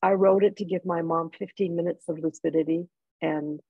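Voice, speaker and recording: A woman with a husky, slightly gravelly voice tells personal stories in an interview, heartfelt and halting at times. The sound is dry and a little dull, as on a lo-fi recording. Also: on the low side, steady tone, dry recording. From Jamaica. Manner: heartfelt storytelling with restarts. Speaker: author and guest. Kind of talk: interview conversation.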